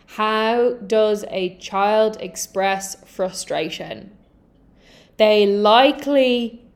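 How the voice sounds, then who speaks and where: A young adult woman hosting a podcast as a healing coach, talking in a candid, energetic, casual monologue and swearing freely. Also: on the high side.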